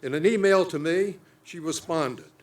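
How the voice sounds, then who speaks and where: An older man giving a formal memorial dedication speech, telling stories slowly and solemnly with deliberate pauses. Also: a little high.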